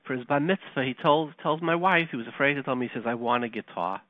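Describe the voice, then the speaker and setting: A man's voice: on the high side, quick pace, no echo. A man hosting a Torah talk show, telling a story in a folksy, conversational lecturing way with Hebrew and Yiddish terms. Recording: tinny phone line, dry.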